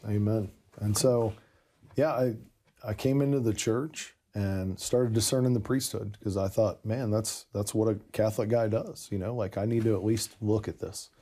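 A man telling the story of his conversion in a casual conversation, animated and laughing often. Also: on the low side, moderate pace.

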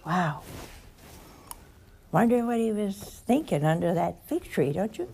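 A woman preaching a sermon, telling scripture stories with lively asides and chuckles. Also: medium pitch, moderate pace, gravelly, slight background noise. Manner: animated storytelling with asides and laughter.

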